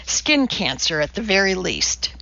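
Woman narrator, deadpan and exact, slow and bright, dry lo-fi audiobook. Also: medium pitch, vocal fry, no echo. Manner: deadpan, precise, lecturing delivery. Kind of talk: scripted narration. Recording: dull lo-fi dry audiobook recording.

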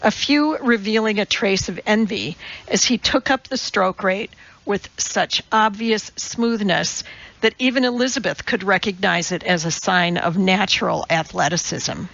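A woman narrating a novel as an audiobook in a measured, even storytelling manner. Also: mid-range voice, creaky, highs cut off. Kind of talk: scripted narration.

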